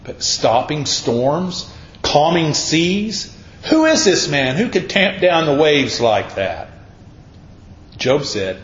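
A man's voice: on the high side, big pitch swings, slow pace, fairly bright tone. Man preaching in an echoey room. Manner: dramatic, acts out Bible voices. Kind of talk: sermon. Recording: echoey room, dull sound.

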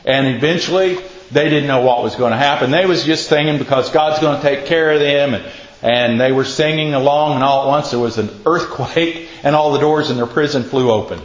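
A pastor preaches a casual sermon, telling folksy stories and quizzing his listeners. His voice is mid-range and fairly quick, and the room recording is echoey and muffled.

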